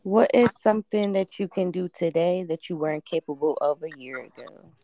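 A woman's voice: lowish voice, expressive, normal speed, warm tone, dry recording. A woman hosting a podcast chat, asking questions and laughing often. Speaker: podcast host. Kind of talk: casual chat.

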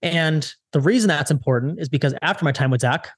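Animated young man telling a story. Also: on the high side, no room sound, studio quality. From Chicago area. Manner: animated, lots of "I'm like" retellings, fast restarts. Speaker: guest, social media strategist. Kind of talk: casual storytelling interview.

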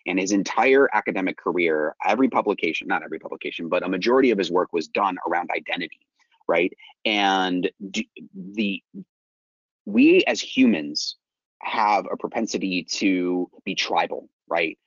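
A man's voice: sits low, measured pace, no room sound, muffled recording. A man in casual podcast chat, explaining his ideas at length and often checking in with "right?". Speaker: sales podcast co-host.

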